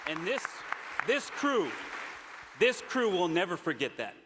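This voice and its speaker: A man's voice: sits high, sing-song, a little fast, a loud crowd, very noisy. A man, an astronaut, giving an upbeat, earnest public speech to an audience in a large hall. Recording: long hall reverb.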